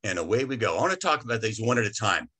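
Bright-voiced man teaching a customer service seminar. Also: lowish voice, sing-song, racing, breathy edge. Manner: folksy, storytelling, many fillers and restarts. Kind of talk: seminar talk with anecdotes. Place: presentation to a chamber of commerce audience.

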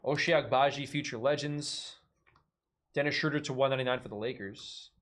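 A man's voice: mid-range voice, fairly even intonation, brisk. A man runs a live card break, rattling off pulls one after another and dropping jokes in between. His voice sits in an ordinary middle range. A faint hiss sits under the recording. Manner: joking, rattles off card names.

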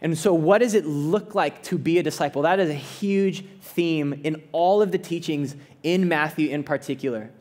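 A man's voice: fairly high pitch, moderate pace, hardly any pauses, a little mellow. A man preaching a sermon as a pastor, earnest and conversational, often restarting his phrases.

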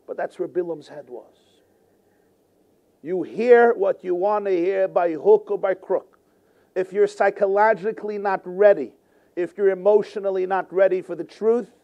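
A man, a rabbi, teaching a Torah class in an animated way, full of rhetorical questions and repetition. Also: high voice, normal speed, pauses often.

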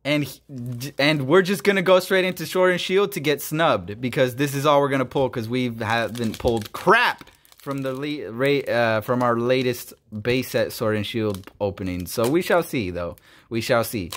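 A man hosting a casual card-opening video, excitable, swinging from quiet muttering to loud bursts, his voice going hoarse. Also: medium pitch, normal speed, slight background noise. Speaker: YouTube host opening trading cards.

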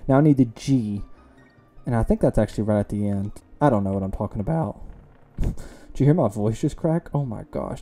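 Young guy rambling over his gameplay, dark mellow voice, jokes at himself, faint music behind. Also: medium pitch. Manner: chatty, self-mocking, reacts loudly to close calls. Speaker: let's play gamer. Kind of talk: casual gameplay commentary.

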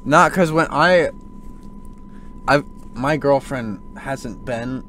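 A man hosting a casual podcast chat, animated and ranting, swearing freely. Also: on the high side, slow pace, a little hiss or hum. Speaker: podcast host.

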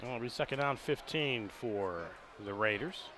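A man calling play-by-play for a high school football game in a measured, steady way, recorded at an outdoor stadium. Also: a crowd in the background. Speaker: play-by-play announcer. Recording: outdoor stadium noise behind the voice.

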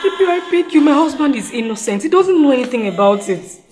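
A woman's voice: sits high, animated, quick pace, darkish tone, roomy sound, far from the mic. A woman playing a wife who desperately pleads for her husband. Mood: pleading. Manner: pleading, crying out.

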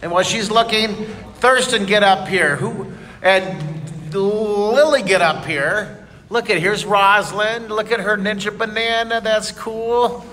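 An enthusiastic man with a high, bright voice runs a live drawing lesson for a room of kids. The sound carries a long echo from the hall around him. Faint room noise sits behind his voice. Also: fairly even intonation, a little slow. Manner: enthusiastic, cheering on children. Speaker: art teacher. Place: museum room with children. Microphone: leaning close to camera. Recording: echoey hall, noisy room.

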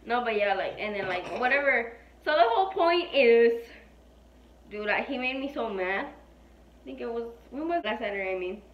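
A woman's voice: on the high side, animated, moderate pace, slight background noise. Rambling young woman in an echoey room. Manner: rambling, filler-heavy, swears freely. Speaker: vlogger. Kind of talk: casual chat. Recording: echoey room, dull lo-fi sound.

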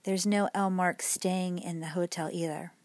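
Oily smirking desk clerk man, read by a woman, smooth fake politeness, low voice, dry sound. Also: fairly even intonation, normal speed, darkish tone, no echo, lightly acted. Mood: falsely polite.

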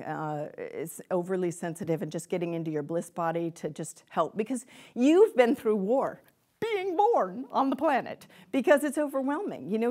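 Chatty woman leading a spiritual workshop. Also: lowish voice. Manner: chatty, rambling, with many fillers and self-interruptions; laughs often, lively when she acts out quotes. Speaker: lecturer on empaths. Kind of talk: informal spiritual workshop talk. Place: room with a live audience.

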